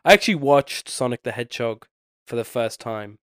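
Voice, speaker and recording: A man's voice: mid-range voice, expressive, a little fast, fairly bright tone, clear, resonant tone, dry recording, clean studio sound. A young man with a nasally voice, sick with a bad cold and short on sleep, chatting casually and rambling as a podcast co-host. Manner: rambling, loses his train of thought. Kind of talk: casual chat.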